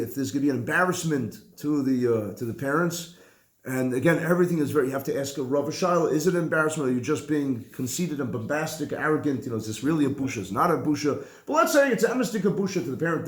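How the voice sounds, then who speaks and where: Animated rabbi teaching in an echoey room. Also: male voice, fairly high pitch. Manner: animated, conversational, mixes Hebrew and Yiddish terms. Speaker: rabbi teaching a halacha class. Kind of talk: Torah class lecture.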